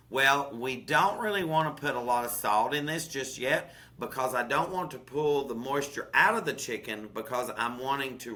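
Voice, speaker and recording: A chatty Southern man with a bright, forceful voice, talking through recipes in a loose, folksy way. He keeps checking in with listeners with an "okay?" and calls them "honey". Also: mid-range voice. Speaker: chef and podcast co-host. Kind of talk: casual cooking chat.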